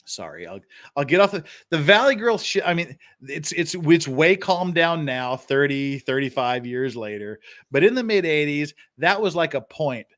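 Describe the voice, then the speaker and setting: A man's voice: a little high, big pitch swings, normal speed, fairly bright tone. A man in his fifties hosting a casual reaction livestream, profane and digressive, often laughing at his own jokes. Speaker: host reacting to interrogation footage.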